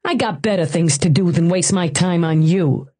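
A man's voice: a little high, moderate pace, a little mellow. A woman doing a snarling New York cop. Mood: scornful. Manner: gruff, snarling. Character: gruff New York cop, hot-tempered and loyal.

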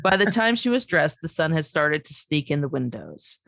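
A woman hosts a relaxed book-club conversation, chatty and full of fillers as she reads passages aloud. Her voice sits a little low for a woman. The sound is close and dry. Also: normal speed, gravelly, no room sound. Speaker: book discussion host. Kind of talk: casual book club chat.

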